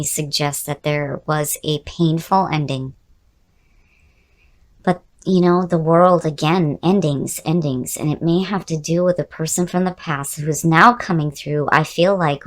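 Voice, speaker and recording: Woman, low voice, hoarse, losing her voice, casual tarot reading, musing, repeats words, talks to viewer. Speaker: tarot reader.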